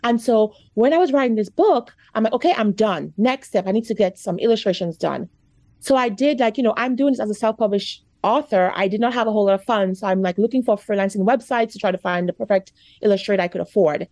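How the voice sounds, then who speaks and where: A woman's voice: medium pitch, quick pace, few pauses, a little mellow, no room sound. A woman guest author telling a personal story in an interview, chatty and full of "like" and "you know", getting emotional. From America. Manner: chatty, lots of "like" and "you know", gets choked up.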